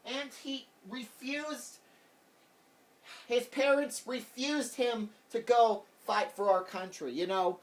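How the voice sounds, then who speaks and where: A man's voice: very high-pitched, steady tone, slow pace. A man vlogging a heated, rambling political rant, repeating himself as he talks. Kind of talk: casual political rant to camera. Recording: voice distant from the mic.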